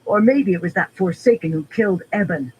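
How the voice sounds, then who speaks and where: A man's voice: high-pitched, brisk, slight background noise, pitched above the performer's own voice, close to an everyday voice, poor audio. A man voicing a defiant, brusque young man who wields magic, in a fantasy audiobook. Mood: tense. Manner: demanding, brusque.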